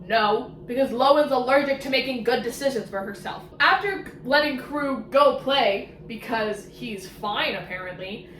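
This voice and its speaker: High-voiced woman, sarcastic book recap. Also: normal speed, few pauses, roomy sound, distant mic, slight background noise, low-quality recording. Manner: sarcastic, animated, exclamatory asides. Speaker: book reviewer. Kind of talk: casual book summary commentary.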